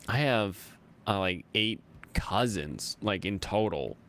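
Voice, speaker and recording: A man hosting a casual livestream, chatting and reading viewer comments in a rambling, animated way, laughing often and jumping up high when excited. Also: takes it slowly, slight background noise. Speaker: streamer host reading chat.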